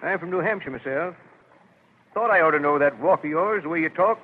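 A man's voice: a little high, a little fast, lightly acted. A man playing a chatty, good-humored print foreman from New Hampshire with a rural New England accent, in a 1940s radio drama. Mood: folksy. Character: folksy middle-aged male New Hampshire print foreman. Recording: tinny lo-fi old radio broadcast with faint hiss.

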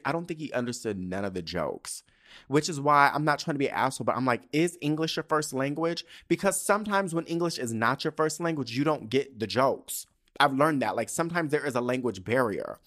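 A man's voice: mid-range voice, fairly bright tone. Brash, profane male podcast host. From San Diego, California. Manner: brash, profane and campy, with frequent laughs and restarts. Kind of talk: casual storytelling monologue.

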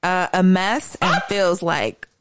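Expressive woman podcast co-host. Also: on the low side, slow pace, noisy background. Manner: expressive, laughing, dramatic retelling. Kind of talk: casual chat.

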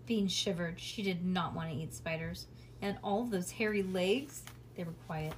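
A woman's voice: lowish voice, moderate pace, slight background noise. Woman casually reading a storybook. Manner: casual, lively, with small slips. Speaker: reader. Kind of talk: storybook read-aloud.

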